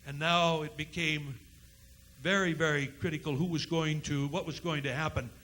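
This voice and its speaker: A man giving a dramatic first-person historical monologue on a college forum stage, oratorical and impassioned, with slow emphatic build-ups. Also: a little high, fairly even intonation, sharp tone, slight background noise, rough recording. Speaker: historical reenactor.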